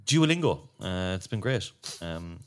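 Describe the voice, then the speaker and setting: Animated man hosting a chat. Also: low voice. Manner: jokey, halting, lots of restarts. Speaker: podcast host. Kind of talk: casual sports podcast chat.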